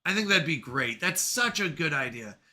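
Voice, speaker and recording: Hosting a casual stream, this thirtysomething man speaks in a high, very bright voice. He works through viewer messages aloud, tossing off lively reactions, offering thanks, and saying sorry for lagging behind the chat.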